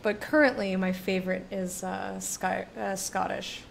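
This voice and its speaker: A woman streaming a video game and chatting casually with her viewers, talking in a drawn-out way that lingers on words. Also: medium pitch, steady tone, vocal fry, a little hiss or hum.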